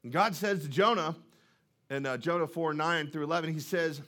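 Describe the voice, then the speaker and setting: A man's voice: fairly high pitch, normal speed, pushed and bright. A male pastor preaching a sermon in a church, in a conversational way, often putting questions to the congregation.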